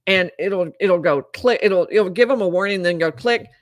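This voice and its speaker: A woman's voice: fairly low pitch, moderate pace, no echo. Dry-sounding woman recapping a trial. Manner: animated, incredulous commentary with laughs; acts out quoted dialogue. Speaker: legal commentator.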